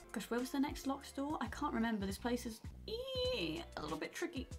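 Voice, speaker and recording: Brief: high-voiced young woman, casual let's play commentary, goofy and chatty. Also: sing-song, fairly quick, few pauses, over music. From outside the United States. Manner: playful, reads game dialogue aloud. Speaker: gaming YouTuber.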